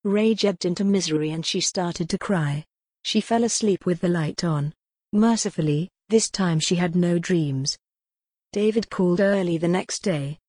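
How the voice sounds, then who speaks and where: A woman narrating a gothic novel in an even, steady storytelling voice. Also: fairly low pitch, a little slow, no echo, clean studio sound. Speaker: audiobook narrator.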